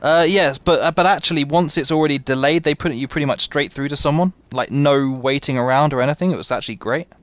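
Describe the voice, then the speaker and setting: A man's voice: fairly high pitch, quick pace, few pauses, fairly bright tone, no room sound. A man livestreaming a game, chatting with his viewers and laughing at himself. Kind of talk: live gameplay chat.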